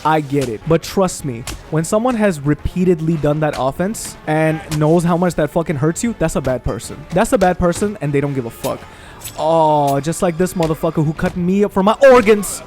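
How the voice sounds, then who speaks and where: A man's voice: fairly high pitch, expressive, normal speed, darkish tone, soft background music. A young man telling a heated story over gameplay, swearing freely as he vents to his audience. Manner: profane, heated venting. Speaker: gaming channel host.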